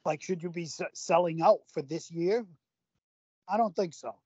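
A man's voice: fairly high pitch, moderate pace, dark tone, breathy edge, no room sound. A man co-hosting a casual sports podcast, arguing his points emphatically with a string of rhetorical questions. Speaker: podcast co-host. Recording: slightly muffled lo-fi podcast audio.

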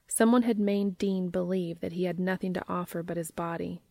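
A woman reading a story aloud in a low, gravelly voice with a steady, measured pace. The recording is dry and close, with no room sound. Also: no room sound. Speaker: reader.

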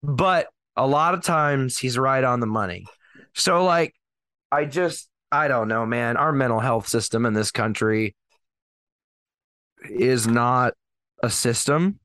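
A man on a podcast speaking in a measured, hesitant way. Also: medium pitch, fairly bright tone, no echo. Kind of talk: casual chat.

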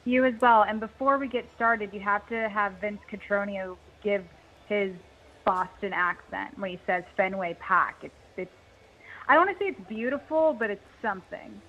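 A woman's voice: medium pitch, normal speed, dull audio. Chatty woman baseball analyst. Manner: chatty, self-deprecating. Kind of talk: casual sports chat.

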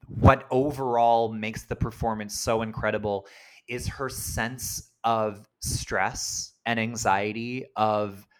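A man co-hosting a casual film podcast, chatty and animated, quick to laugh and act out quotes. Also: mid-range voice. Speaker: podcast co-host.

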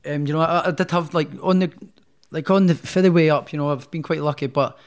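A man's voice: a little high, brisk. A young man, a professional boxer telling stories in a casual interview, with many restarts. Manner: rambling, animated storyteller with many restarts.

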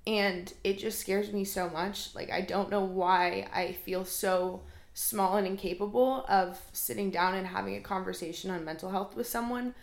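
A woman hosts her solo podcast from a room at home, her voice carrying a roomy echo. She talks in a casual, candid way, full of fillers and open about her self-doubt and emotions. Her pitch sits in an everyday middle range. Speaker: podcast host.

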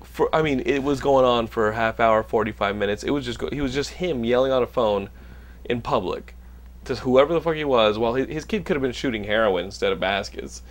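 A man's voice: mid-range voice, brisk. A young man hosting a casual chat, telling stories with lots of swearing and animation. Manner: animated storyteller, swears a lot. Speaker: podcast host.

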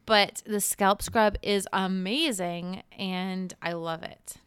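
A woman's voice: mid-range voice, steady tone, takes it slowly, a bit bright, clear, resonant tone, no room sound. A young woman co-hosting a podcast, chatting casually and animatedly, often drifting back from her microphone. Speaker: podcast co-host. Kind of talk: casual chat. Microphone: moves back and forth from the microphone.

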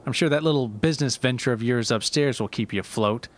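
A man's voice: medium pitch, fast talker, lightly acted. A man playing a cold, mocking deadbeat boyfriend who talks curtly and sneers, in a comedy sketch. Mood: sneering. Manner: sneering, curt.

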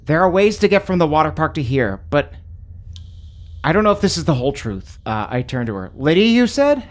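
A man's voice: fairly high pitch, big pitch swings, fairly quick. A man playing a tabletop role-playing game who asks questions and slips into character. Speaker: player.

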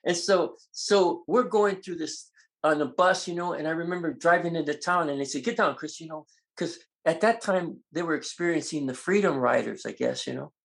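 An older man, a guest in an interview, telling animated stories and acting out the voices of people in them. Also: fairly high pitch, moderate pace, vocal fry. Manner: animated, acts out quoted voices. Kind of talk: storytelling in an interview.

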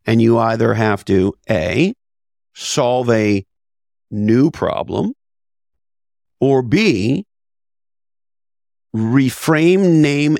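A man's voice: medium pitch, gravelly, darkish tone, dry recording, clean studio sound. A man talking as a podcast guest, blunt and emphatic, with rhetorical questions and casual swearing. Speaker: podcast guest, author and business advisor. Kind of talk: conversational interview.

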